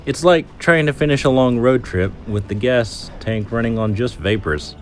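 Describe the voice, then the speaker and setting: A man's voice: mid-range voice, animated, moderate pace, faint music behind. A man hosting a hiking vlog outdoors, chatty and joking, out of breath as he narrates. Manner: chatty, joking, explains his muscles in plain terms. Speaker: vlog host. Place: outdoor park trail.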